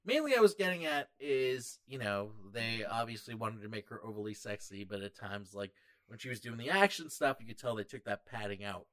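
Chatting casually and jokily about a movie, this podcast co-host talks fairly quickly in a mid-range male voice. He's animated and jokey, often slipping into quoted voices.

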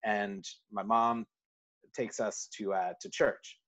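A man's voice: on the low side, fairly even intonation, slow pace, fairly bright tone. A man with a neutral American accent, a guest in a casual interview, telling stories with many fillers and restarts. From New York City. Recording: muffled lo-fi audio.

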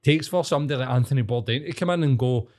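Scottish guy, thirties, loose casual chat host, heavy swearing, animated storyteller. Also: mid-range voice, very fast. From Scotland.

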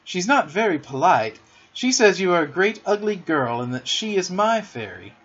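A man voicing an eager, boastful young boy who never wants to grow up, with lively boyish talk, in a dull lo-fi recording. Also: high voice, normal speed, slightly rough, pitched above the performer's own voice, heavily acted.

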